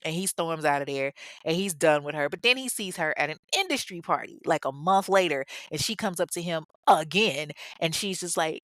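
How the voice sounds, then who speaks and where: Brief: woman storyteller, low-set voice, dry close sound, blunt and sarcastic asides. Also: lively intonation, moderate pace, a bit bright, no room sound. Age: adult parent. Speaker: true crime storyteller. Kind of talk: casual storytelling commentary.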